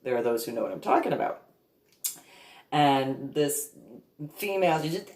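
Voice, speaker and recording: A woman's voice: low voice, lively intonation, normal speed, long pauses, a little mellow. A woman vlogger telling a story in a chatty way, often laughing between lines. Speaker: reverend and vlogger. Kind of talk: casual storytelling monologue. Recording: echoey room.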